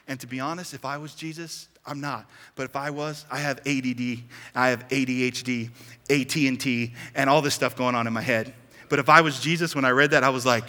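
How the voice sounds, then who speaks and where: Animated pastor preaching in a reverberant hall. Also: male voice, medium pitch, a little fast. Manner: animated, swings between hushed and loud emphasis. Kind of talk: sermon.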